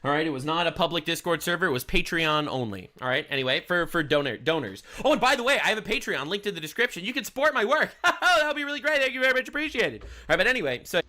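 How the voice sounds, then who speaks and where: A man's voice: sits high, lively intonation, quick pace, hardly any pauses, pushed and bright. A man giving casual commentary on a clip, with many ums and restarts. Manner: hesitant, filler-heavy. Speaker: commentary video creator.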